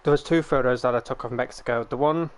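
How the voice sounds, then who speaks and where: A man's voice: medium pitch, quick pace, smooth. A young man chatting casually on a live stream, rambling through long explanations of how he took his screenshots.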